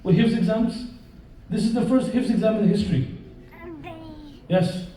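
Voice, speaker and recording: High-voiced preacher in an echoing hall. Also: male voice, moderate pace. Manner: lively storyteller who questions and jokes with the audience. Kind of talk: live sermon with storytelling. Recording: very roomy echo, voice far from the mic.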